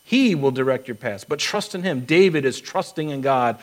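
A man's voice: a little high, fairly quick, few pauses, poor audio. A man preaching a sermon as a pastor, earnest, acting out quotes and often restarting his sentences.

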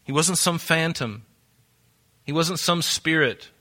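A man preaching a sermon as pastor, animated and acting out quoted voices. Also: fairly high pitch, slow pace.

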